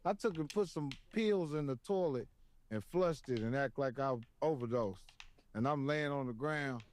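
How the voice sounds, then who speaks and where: A man's voice: mid-range voice, normal speed, darkish tone. A man of fifty-five, a guest on a podcast, telling laid-back, profane childhood stories in casual chat. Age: 50s. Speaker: guest comedian. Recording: faint background noise.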